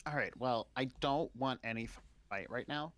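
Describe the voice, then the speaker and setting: A man's voice: mid-range voice, normal speed, fairly bright tone. A man speaking in character in a tabletop game, hesitant and rambling. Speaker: player.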